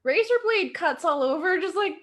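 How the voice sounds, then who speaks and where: High-voiced laughing young woman. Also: lively intonation, a bit bright. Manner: laughing, defensive, quick interjections. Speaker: streamer. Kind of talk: casual chat.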